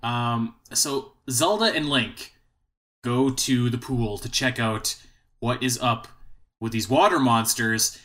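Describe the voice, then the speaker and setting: A man's voice: medium pitch, slow pace, bright, forceful tone. A man co-hosting a podcast, chatting casually and joking, often trailing off mid-sentence. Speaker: podcast co-host. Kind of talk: casual chat.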